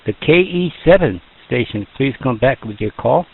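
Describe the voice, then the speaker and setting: A man's voice: mid-range voice, expressive, phone-quality sound, a little hiss or hum. A man running an amateur radio net, chatting in a folksy, joking way over a radio transmission. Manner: folksy, joking, slow and drawn out. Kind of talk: casual radio net chat.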